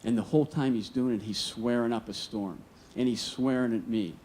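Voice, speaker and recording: A man's voice: medium pitch, steady tone, moderate pace, darkish tone, a little hiss or hum. A man telling a personal story live on stage, earnest and vivid, acting out the dialogue. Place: stage at a museum storytelling event.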